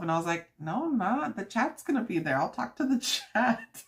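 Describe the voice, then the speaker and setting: A woman's voice: medium pitch, sing-song, normal speed. A woman hosting a casual home livestream, chatting to her viewers and laughing often while she makes treats in the kitchen. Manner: chatty and giggly, full of fillers and quoted asides. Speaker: livestream host.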